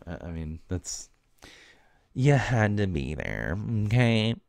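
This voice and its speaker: A man's voice: deep voice, big pitch swings, slow pace, vocal fry, no echo. A man hosting a podcast, telling loose, meandering stories in casual slang and often laughing at himself. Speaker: podcast host. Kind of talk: casual rambling monologue.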